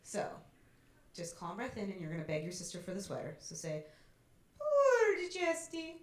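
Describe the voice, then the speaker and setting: A woman's voice: lowish voice, a little fast, a little mellow. A woman voice teacher coaching a student in a master class, encouraging and demonstrating as she goes. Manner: encouraging, demonstrates with sung sobs. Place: college teaching hall. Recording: roomy hall with faint ambience.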